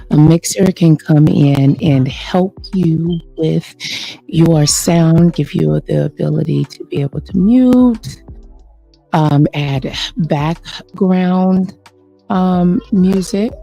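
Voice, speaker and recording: Middle-aged woman, casual stream host, low-ish mellow voice, thinks aloud while testing gear. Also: drawn-out words, vocal fry, faint music behind, rough recording. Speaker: YouTube host. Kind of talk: casual live stream talk.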